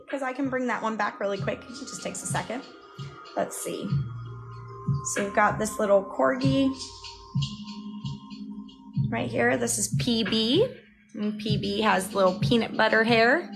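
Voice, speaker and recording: A woman's voice: a little high, moderate pace, vocal fry, long pauses, low-quality recording. A woman livestreaming a casual drawing tutorial. She explains each step aloud and chats with viewers, thanking them by name. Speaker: livestreaming cartoon artist. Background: music playing.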